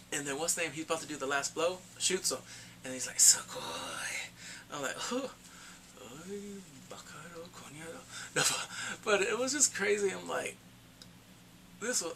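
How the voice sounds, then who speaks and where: A man retells a movie's plot in a casual review, his voice bright and fairly high. He swings his pitch all over as he acts out the characters' lines, with a faint hiss of background noise behind him. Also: vocal fry.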